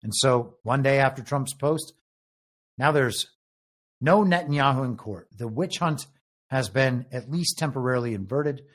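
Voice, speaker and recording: A man's voice: mid-range voice, unhurried. A man hosting a political commentary show, reading out headlines and musing on them in a wry, speculative way. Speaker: show host and moderator.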